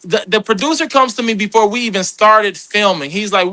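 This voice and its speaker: A man's voice: a little fast, few pauses, dry recording. A man in his thirties, a comedian and actor, telling stories in a casual podcast chat and acting out the people he quotes. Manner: animated, acts out quoted people in a higher voice.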